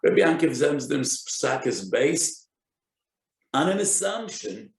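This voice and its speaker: A man giving a Torah lecture as a rabbi, speaking deliberately and citing sources with Hebrew terms. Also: a little high, very animated, vocal fry, echoey room, poor audio. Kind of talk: Torah lecture on Jewish law.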